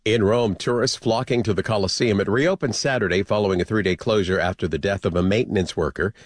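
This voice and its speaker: A man reads the radio news in a steady, scripted way. His voice sits low and the recording is dry and close. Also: quick pace, dry recording. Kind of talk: news reading.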